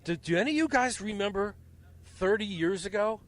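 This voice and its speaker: Animated man hosting an airfield interview. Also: sits high, brisk. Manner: animated storyteller, jokey. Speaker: host. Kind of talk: field interview. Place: outdoors at a small airfield. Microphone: handheld mic.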